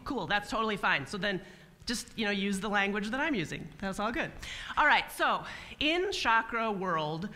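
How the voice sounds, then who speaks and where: A woman giving a spiritual talk to a live audience in a meeting hall, playful and animated, acting out little mock dialogues. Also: medium pitch. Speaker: guest speaker.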